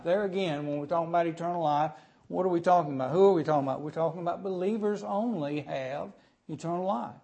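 Higher-pitched man preaching a sermon. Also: darkish tone. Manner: earnest preaching with frequent "uh" fillers and repeated words; reads scripture aloud slowly and with emphasis. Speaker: pastor.

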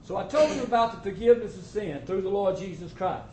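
A man's voice: high voice, expressive, fast, warm tone, slight background noise. A man preaching a testimony sermon to his church, telling the story in a folksy way with plain country grammar. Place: church congregation. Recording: roomy echo with faint ambience.

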